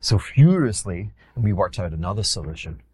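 Animated Scottish man telling stories. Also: on the low side, normal speed, husky, dry recording, studio quality. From Glasgow, Scotland. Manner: theatrical, acts out quotes, self-mocking. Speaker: podcast guest, former hedge fund manager. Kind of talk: animated anecdotal storytelling.

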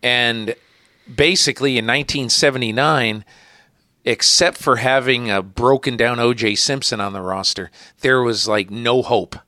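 Man interviewing with lively storytelling. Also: mid-range voice, moderate pace, no room sound, clean studio sound. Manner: lively anecdotal storytelling, hesitant restarts. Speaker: interviewer, podcast host. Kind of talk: conversational interview.

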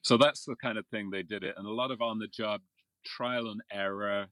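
Man from England, low voice, dry close sound, casual and self-deprecating, laughs often, voiceover artist, middle-aged. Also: fairly even intonation, moderate pace, a bit bright, no room sound. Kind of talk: casual interview talk.

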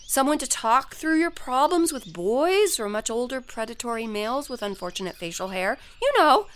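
امرأة تؤدي دور أم مشتتة تعتذر لابنتيها، تتكلم بثرثرة متلهفة وهي تلهث في دراما صوتية. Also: female voice, fairly high pitch, expressive, normal speed, slight background noise, close to an everyday voice. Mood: earnest. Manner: rambling, eager, self-deprecating. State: out of breath. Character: scattered, apologetic mother of two teen girls. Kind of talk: audio drama acting.

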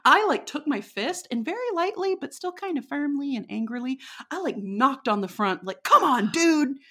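With a high, expressive and slightly bright voice at a moderate pace, this woman from Texas speaks in a Texan accent as a podcast guest. Her storytelling is casual and chatty, full of laughter and filler words.

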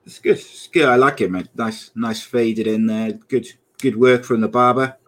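A man hosting a podcast, running through a quick intro and then reading out viewer comments in casual chat. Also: mid-range voice. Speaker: podcast host.

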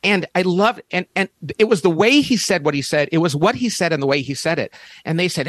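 A man's voice: fairly high pitch, expressive, brisk, fairly bright tone, dry recording. A man in his fifties, a podcast guest, telling a story with enthusiasm and emphatic restarts. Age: 50s. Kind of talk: animated storytelling in conversation.

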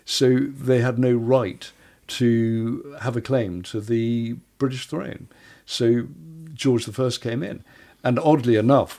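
A man with a gravelly, creaky voice tells history anecdotes in a relaxed podcast conversation. He often repeats words and restarts his sentences as he goes. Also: on the low side. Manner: stammering restarts, storytelling.

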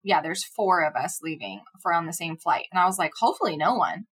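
Bright-voiced woman cohost, chatty, big jumps up when quoting folks. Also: fairly low pitch, brisk, slightly rough. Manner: animated storyteller, swoops up for quoted voices. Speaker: podcast co-host. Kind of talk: casual chat.

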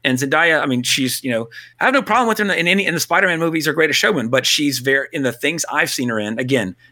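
A man co-hosting a casual film talk, blunt and animated, swearing now and then. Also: a little high, quick pace. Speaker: podcast co-host.

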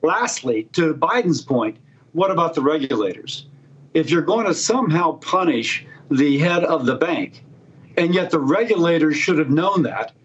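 Male politician guest on a dull remote line, slightly higher voice, pointed and argumentative. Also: expressive, normal speed. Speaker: senator, interview guest. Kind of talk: remote news interview.

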